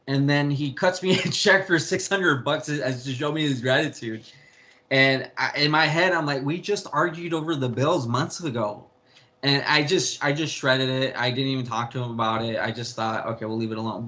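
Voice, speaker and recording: A man's voice: mid-range voice, bright, forceful tone. A young man talking candidly in an interview about family, rambling with restarts and the odd swear word. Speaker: interview guest. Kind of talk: candid personal storytelling.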